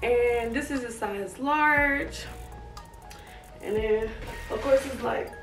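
A woman's voice: a little high, slow pace. A young woman, chatting casually to viewers during a try-on haul, laughing and out of breath. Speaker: fashion vlogger. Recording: echoey room, far from mic, faint music.

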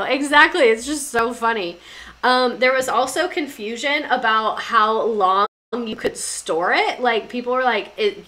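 A woman livestreams a casual history talk, her voice bright and edged, pitched a touch high. She is sarcastic, swears freely and laughs often as she reads and riffs. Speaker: streamer.

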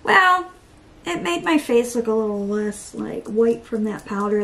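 With a gravelly voice on the high side, a young woman chats through a makeup tutorial at a measured pace against background noise. She's a beauty vlogger who's self-deprecating, talks to herself and drops into a whisper now and then.

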